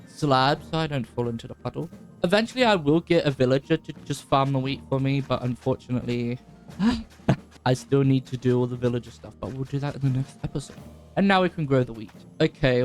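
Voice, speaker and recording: A young man giving casual, chatty commentary over his gameplay, his voice jumping high when excited. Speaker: gaming YouTuber. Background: faint background music.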